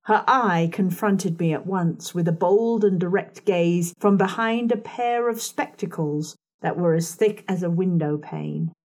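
Woman audiobook narrator, measured and slow. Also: fairly low pitch. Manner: measured, calm. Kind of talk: scripted narration.

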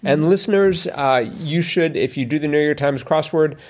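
A man's voice: on the high side, normal speed, a little mellow. A man, co-hosting a casual chat about a crossword, rambling and joking at his own expense. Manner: joking, rambling, self-mocking. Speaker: podcast co-host.

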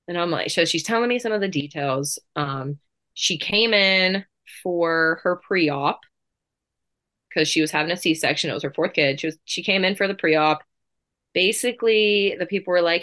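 A woman in her thirties telling her story as an interview guest, chatty and quick, with many fillers. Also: deep voice, a bit bright. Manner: chatty, fast bursts, lots of fillers.

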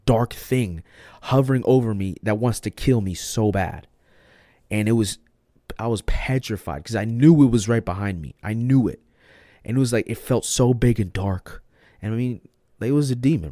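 Excitable young man, low voice, dry sound. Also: no room sound. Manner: slangy and emphatic, says "bro" and "like" a lot; swings from hushed to loud and excited. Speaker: podcast host sharing his testimony. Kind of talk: casual personal testimony.

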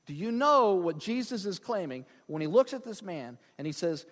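A man delivers a sermon with real drive, hammering points home by saying them twice. His voice sits high and swings widely in pitch. A long reverb from a large hall trails after every phrase. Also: a little fast, few pauses. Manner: animated, emphatic, repeats phrases for stress. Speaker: pastor.

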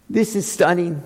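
A man preaching a sermon, asking his listeners questions and swinging between loud high emphasis and quiet low passages. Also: creaky, husky, in a large hall, poor audio. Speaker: pastor.

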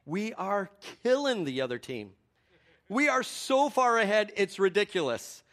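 In a sermon, a middle-aged male pastor tells a lively story, shifting between excited exclamations and quiet, earnest reflection. His voice sits high and he takes his time.

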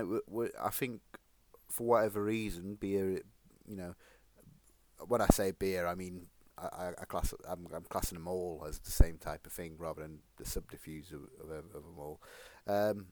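A man's voice: deep voice, fairly even intonation, unhurried, no echo. A man, co-hosting a podcast in rambling, crude casual chat full of swearing. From Sheffield, England. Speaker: podcast co-host.

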